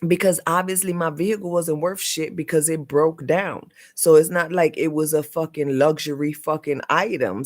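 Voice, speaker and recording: A man speaks in a slightly high voice, ranting into his vlog. He swears nearly every line, circles back over the same phrases and punctuates them with "yo". His tone stays agitated and accusatory throughout. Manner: profane, repetitive, keeps tagging lines with "yo". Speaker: vlogger. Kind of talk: heated personal rant.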